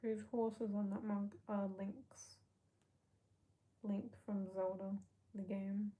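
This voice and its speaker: A woman's voice: mid-range voice, flat delivery, takes it slowly, warm tone. A young woman, chatting casually with her livestream chat, reading out and answering comments and laughing often. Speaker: livestream host.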